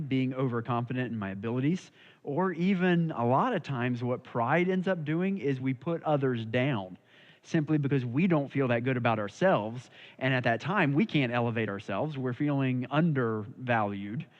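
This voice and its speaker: Male Bible study leader, chatty and conversational, mid-pitched voice, dull lo-fi recording. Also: expressive, normal speed. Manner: conversational, checks in with listeners. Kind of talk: casual church Bible study teaching.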